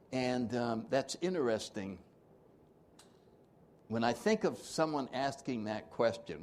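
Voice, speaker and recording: Animated, joking man giving a workshop talk. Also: medium pitch, takes it slowly, pauses often, a little hiss or hum. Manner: jokey, acts out quoted voices, laughs often. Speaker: twelve-step workshop speaker.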